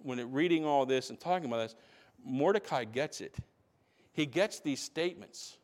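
A man's voice: mid-range voice, expressive, normal speed. A man preaching a sermon as pastor, emphatic, repeating phrases for stress. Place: church.

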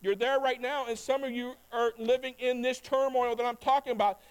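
A man preaching a sermon as pastor, talking straight to his congregation and swinging between low, quiet passages and loud, climbing ones. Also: steady tone, a little fast, clear, resonant tone, rough recording. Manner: talks directly to the congregation.

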